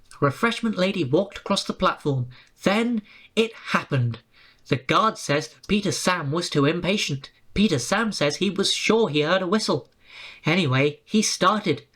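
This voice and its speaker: A narrator reading a children's railway storybook aloud in a brisk, clear way. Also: medium pitch, lively intonation, a bit bright.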